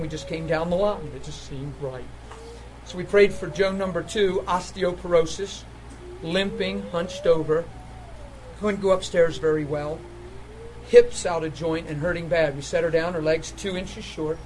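A man with a high voice preaches, telling a healing testimony in an animated way and often laughing. His voice leaps up when he gets excited. Faint ambience hums behind him. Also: a little hiss or hum, low-quality recording.

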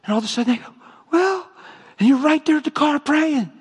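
An older man preaching a sermon, telling stories and acting out both sides of conversations with lively, emotional delivery. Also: extremely high pitch, very fast, big-room sound. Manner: animated storytelling, acting out dialogue.

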